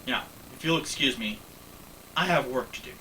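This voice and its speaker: Brief: man voicing a grave, vengeful older male starship captain, bright tone, distant mic with faint noise. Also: mid-range voice, moderate pace, close to an everyday voice. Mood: stern. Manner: grave, rising to furious declarations.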